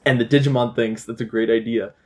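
Casting: young male podcast host, lively storyteller, laughs and swears, mid pitch. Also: fast talker. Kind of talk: casual chat.

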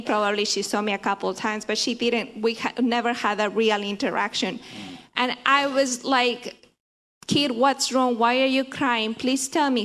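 Woman, fairly high pitch, earnest faith testimony, halting delivery, group sharing. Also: fairly bright tone. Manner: earnest, halting with repeated restarts. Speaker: church member sharing testimony.

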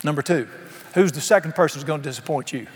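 A man's voice: fairly high pitch, quick pace. A man preaching a sermon emphatically, asking his congregation questions. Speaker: pastor. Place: church sanctuary. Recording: long hall reverb.

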